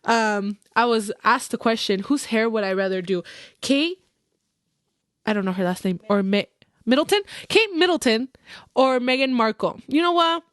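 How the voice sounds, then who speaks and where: A young woman hosting a podcast, chatting casually about her work as a hairstylist, animated and mixing in Spanish phrases. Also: a little high, normal speed, no echo, studio quality. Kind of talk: casual chat.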